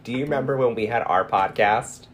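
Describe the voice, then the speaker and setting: A woman hosting a casual podcast chat with a friend, laughing easily and animated. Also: very deep voice, a little fast, faint music behind. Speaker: podcast host.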